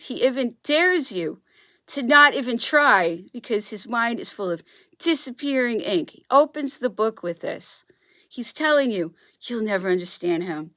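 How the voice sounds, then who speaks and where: A woman's voice: a little high, lively intonation, normal speed, fairly bright tone, no echo, clean studio sound. A woman vlogger talking alone in a casual monologue, rambling and emphatic, often restarting and repeating herself.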